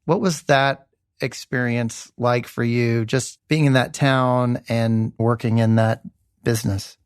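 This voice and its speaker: Male podcast host, measured delivery, dry studio sound. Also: medium pitch, fairly even intonation, clear, resonant tone, no echo. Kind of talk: interview and scripted segues.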